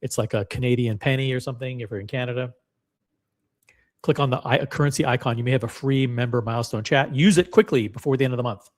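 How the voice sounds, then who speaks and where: A man's voice: medium pitch, fast talker. Blunt, profane man hosting a live stream. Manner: blunt and profane, repeats himself, talks straight to chat. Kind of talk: casual live stream commentary, reading a forum post aloud.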